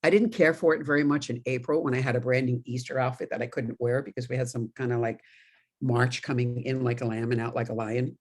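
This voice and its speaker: A woman's voice: rumbling low, fairly even intonation, fairly quick. A middle-aged woman minister from New York giving a conversational sermon, telling stories with laughing asides. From New York, USA.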